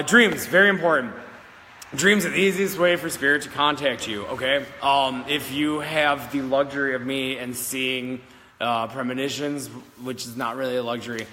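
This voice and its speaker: Inside an old schoolhouse in the countryside, a psychic medium chats to the camera, giggling and rambling through his story with plenty of fillers and false starts. He has a mid-range, sharp-toned voice, recorded with a big-room sound and a little background noise.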